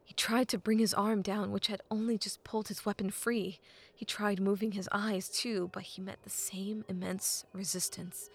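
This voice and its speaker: A woman reading a novel aloud as an audiobook narrator, measured and often dropping to a hushed half-whisper. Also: medium pitch, little pitch movement.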